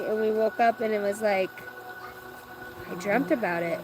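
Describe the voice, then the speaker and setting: A woman runs a live oracle card reading and talks to her chat in a loose, joking way. Her voice sits at a middling pitch. Music plays clearly behind her. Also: normal speed, pauses often, poor audio. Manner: playful, joking, chatty.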